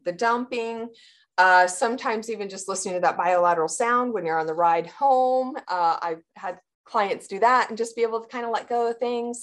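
A woman talking in a casual interview, explaining her work with athletes in a lively way, often acting out what her clients say and laughing. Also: medium pitch. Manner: animated, acts out clients' voices, laughs often. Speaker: sports performance practitioner.

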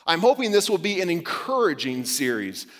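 Pastor preaching in a reverberant church. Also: male voice, high-pitched, very animated, moderate pace, a bit bright. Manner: conversational preaching with light humor and restarts. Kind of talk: sermon. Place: church sanctuary. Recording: long reverb of a church hall.

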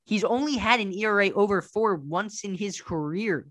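A man's voice: sits high, moderate pace, dry recording. Dry-sounding man rattling off sports stats. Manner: stat-heavy, animated, jokingly does an impression. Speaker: podcast co-host. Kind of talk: casual sports podcast chat.

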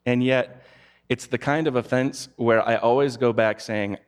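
A man's voice: mid-range voice, fairly even intonation, a little slow. A man giving a conversational sermon, telling personal stories candidly. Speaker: preacher.

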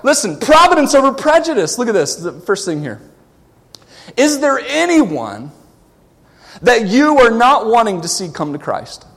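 A Southern-accented male pastor preaches in a high, ringing voice that carries through a large church hall with a long reverb tail. He swings between shouted exhortation and low, confiding asides. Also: very animated, a little fast, hardly any pauses. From the American South. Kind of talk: sermon.

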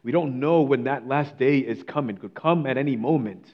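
A man preaching a sermon, reading scripture and telling a story, swinging between bold declaiming and hushed, almost whispered passages. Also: mid-range voice, a little fast, lo-fi sound.

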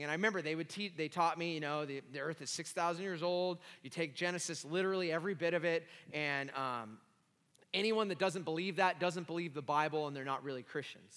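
A man pastor preaching an animated, self-deprecating sermon with many restarts in a church hall. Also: a little high.

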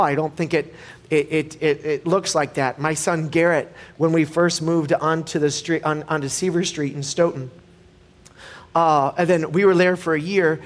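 Male pastor, casual sermon, story-driven, halting restarts, slightly higher voice. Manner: animated when telling stories. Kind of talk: conversational sermon.

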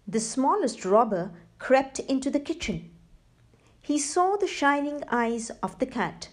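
A woman reading a children's story aloud in a slow, expressive way and talking to young listeners. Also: high voice. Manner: slow, expressive, sing-song.

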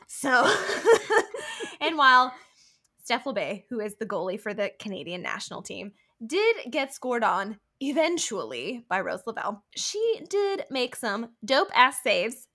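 Swearing and laughing often, a young woman co-hosts a podcast's casual sports chat about a soccer match. Her voice is a little high, with a sharp tone.

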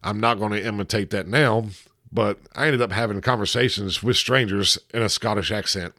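A man's voice: lowish voice, normal speed, sharp tone, dry recording, clean studio sound. A man hosting a podcast, telling a story in a laid-back, conversational way. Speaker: podcast host. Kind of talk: casual storytelling.

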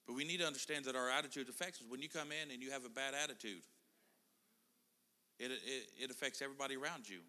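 A man's voice: medium pitch, fast talker, bright, forceful tone. A middle-aged man preaching a casual sermon in a church, chatting and joking with the congregation. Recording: church hall reverb.

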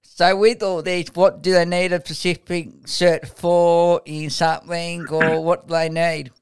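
Man with a very smooth voice. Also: on the high side, level tone, unhurried. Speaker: podcast host. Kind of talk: interview questions.

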